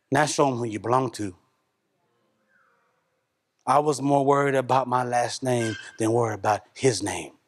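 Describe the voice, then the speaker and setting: A man preaching a sermon as pastor, a father of a young son, talking animatedly and swinging between loud bursts and hushed asides. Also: mid-range voice. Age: young adult or middle-aged, father of a young son. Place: church.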